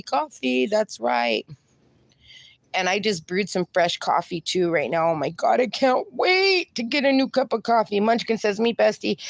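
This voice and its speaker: A woman's voice: mid-range voice, no room sound. A woman, hosting a casual live stream and reading viewers' comments aloud in a chatty, affectionate way. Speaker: livestream host.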